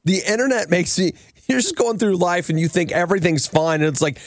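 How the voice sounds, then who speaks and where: A man co-hosting a radio show, sounding stuffed up from a cold, telling stories with animated mock exasperation. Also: high voice, fairly quick, no room sound, clean studio sound. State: congested with a cold. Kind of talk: casual banter on air.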